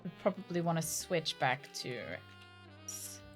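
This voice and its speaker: A woman's voice: on the low side, very animated, unhurried, soft background music. A young woman with a British accent chatting playfully with her viewers while streaming a game. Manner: chatty, playful, teasing banter with chat. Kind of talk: casual let's-play chat.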